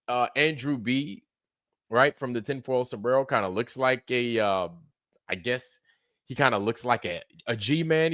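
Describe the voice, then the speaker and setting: Male stream host, crisp bright voice, dry booth sound, rambling and salty. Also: medium pitch, no room sound. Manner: profane, rambling, laughs often. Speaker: livestream show host. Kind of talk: casual chat.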